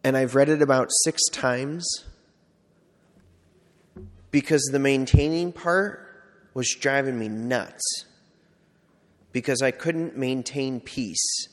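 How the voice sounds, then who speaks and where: Priest telling a story in a reverberant hall. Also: male voice, mid-range voice, slow, pauses often. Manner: conversational, self-deprecating storytelling with many "like"s. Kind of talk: personal testimony talk.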